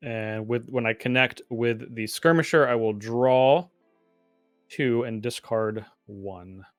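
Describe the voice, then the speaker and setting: A man's voice: medium pitch, slow, dry recording, faint music behind. A man explaining his card game plays on a video call, teasing the others with dry, playful remarks. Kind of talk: casual game-play chat.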